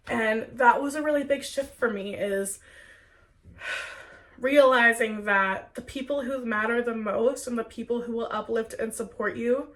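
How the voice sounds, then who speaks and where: Speaking at a measured pace, this spiritual content creator has a fairly bright, high-leaning voice captured from a distant mic. She's a young adult woman sick with a cold, answering viewers' questions in a spiritual Q&A vlog with earnest, heartfelt chattiness and frequent "like"s.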